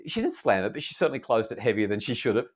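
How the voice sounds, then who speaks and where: A middle-aged Australian man, a parenting expert, calmly and earnestly telling a family story in an interview. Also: fairly low pitch. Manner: calm, earnest, measured retelling.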